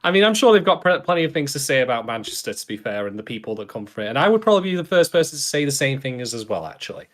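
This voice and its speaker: A man's voice: medium pitch, big pitch swings, rapid-fire, few pauses. A man from England co-hosting a casual anime podcast, rambling and repeating words while he jokes and talks through listener questions. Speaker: podcast co-host.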